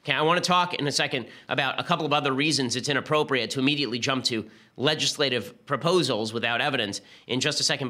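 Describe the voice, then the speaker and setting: A man hosting a podcast, delivering an argumentative political commentary monologue with quick restarts. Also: mid-range voice, pushed and bright. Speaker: podcast host.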